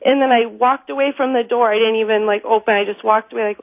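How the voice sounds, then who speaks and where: A woman's voice: fairly high pitch, steady tone, quick pace, no echo. A woman caller on a phone-in show, telling a personal story in a rambling way, full of fillers and nervous laughs. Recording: tinny phone line.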